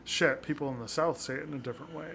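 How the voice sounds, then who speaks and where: A man's voice: on the high side, very fast, vocal fry, a crowd in the background. A man co-hosting a podcast, chatting casually and rambling, with some swearing. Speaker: podcast co-host. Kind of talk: casual chat.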